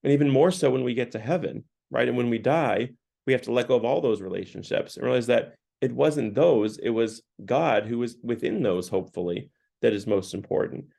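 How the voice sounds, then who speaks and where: A man's voice: medium pitch, brisk, gravelly, mellow. A man giving a casual parish talk on a book, paraphrasing its dialogue with many "like" fillers. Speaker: parish speaker.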